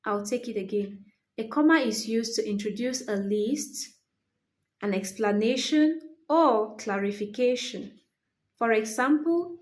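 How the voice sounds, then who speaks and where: A woman teaching English punctuation, explaining slowly and repeating key phrases for emphasis. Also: a little high.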